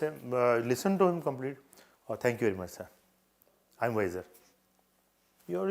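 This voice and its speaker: A man's voice: mid-range voice, creaky, a little mellow. An older man with an Indian English accent, giving earnest, repetitive advice as an interview coach and acting out short exchanges. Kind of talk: live advice session.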